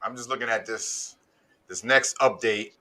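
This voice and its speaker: A man's voice: mid-range voice, fairly even intonation, a little slow, bright, forceful tone. A man hosting a casual sports podcast in a loose, joking way. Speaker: podcast host.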